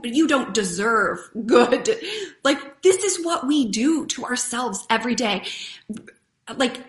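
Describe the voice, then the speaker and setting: A woman's voice: fairly high pitch, fairly bright tone. A woman hosting a live stream, giving a casual, earnest motivational talk and chatting with viewers. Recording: roomy echo.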